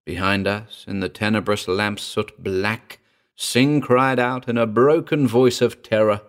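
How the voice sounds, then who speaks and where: A man narrating a ghost story in a measured, dramatic reading. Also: lowish voice, fairly even intonation. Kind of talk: scripted audiobook narration.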